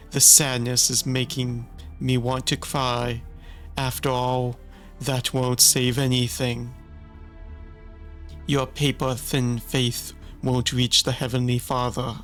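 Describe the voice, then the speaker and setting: A man voicing a vengeful, mocking female saint in a slow, theatrical game reading. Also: medium pitch, gravelly, a bit bright.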